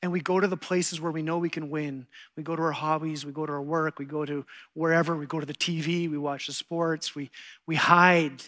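A man's voice: fairly high pitch, brisk. A middle-aged man preaching a sermon, telling stories and acting out quotes with animation. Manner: animated storytelling, acts out quotes.

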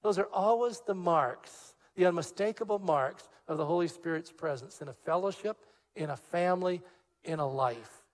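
An older man preaching a sermon as a pastor, telling a personal story with lively acted-out dialogue before turning to scripture. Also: high voice, moderate pace, in a large hall. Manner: animated storyteller, acts out quoted dialogue.

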